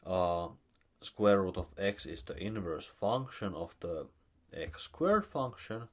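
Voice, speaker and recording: Male math lecturer, Finnish accent, slow and halting delivery with a varied pitch. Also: animated, breathy edge. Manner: slow, halting, with many fillers.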